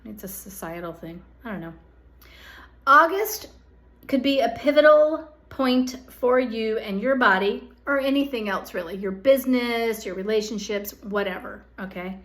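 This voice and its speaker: A woman's voice: fairly high pitch, moderate pace, fairly bright tone. A woman giving a direct-to-camera psychic energy forecast, earnest and coaxing, often checking in with "okay?" as she speaks straight to the listener. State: hiccups.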